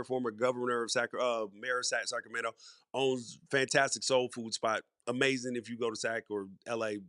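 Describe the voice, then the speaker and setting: A man's voice: medium pitch, bright, forceful tone, no room sound, clean studio sound. A middle-aged man hosting a sports podcast, giving solo commentary in a conversational, emphatic way and repeating words for stress. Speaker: podcast host.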